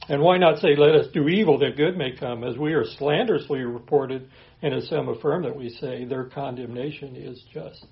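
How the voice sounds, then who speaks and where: A man preaching a sermon, reading scripture aloud and explaining it in an earnest, steady manner. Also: medium pitch, normal speed, gravelly, muffled recording. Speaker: pastor.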